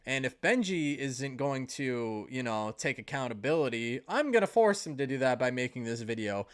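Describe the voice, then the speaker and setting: A man's voice: mid-range voice, very animated, moderate pace, clear, resonant tone. A man doing an angry commentary video, speaking bluntly and indignantly, swearing and retelling what others said. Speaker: commentary YouTuber.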